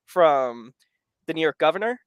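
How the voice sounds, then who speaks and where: A man co-hosting a political podcast, calmly pushing back on claims with facts. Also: on the high side, moderate pace, smooth, no echo, lo-fi sound. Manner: calm, pushes back with facts. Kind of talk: political debate talk.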